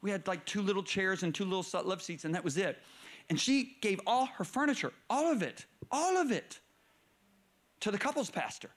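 High-pitched preacher guy telling a story, goes quiet then gets loud and worked up. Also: normal speed. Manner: animated, swings from low murmurs to raised excited bursts. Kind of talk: storytelling sermon.

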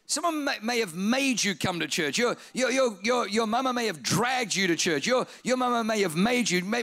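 A male preacher with a high, bright voice, delivering a sermon in a church. He is lively and comic, repeating phrases for effect and slipping into acted-out voices.

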